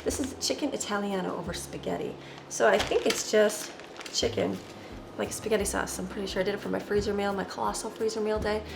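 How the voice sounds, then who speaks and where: A woman's voice: fairly even intonation, a little fast, gravelly, noisy background. A woman vlogger and homeschooling mom chatting casually and rambling about her day at home, partly out on her deck. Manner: chatty, rambling, talks to pets in a high voice. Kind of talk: casual day-in-the-life chat.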